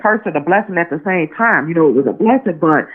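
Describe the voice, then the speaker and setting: Fast and husky, a woman guest's lowish voice has lively intonation as she rambles through a story in a casual phone interview. She restarts frequently and says "you know what I'm saying," and the sound is tinny.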